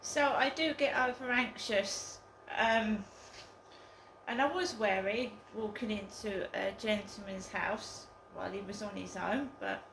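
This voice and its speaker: A woman's voice: medium pitch, fairly bright tone, roomy sound, slight background noise, rough recording. A woman telling a story in a casual vlog, hesitant and full of ums. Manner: slow, hesitant, with many ums. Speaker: vlogger.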